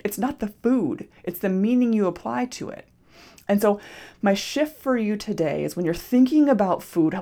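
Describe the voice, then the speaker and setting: A woman's voice: medium pitch, warm tone. A woman podcast host and nutrition coach talking casually and expressively, acting out quoted self-talk. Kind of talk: solo podcast monologue.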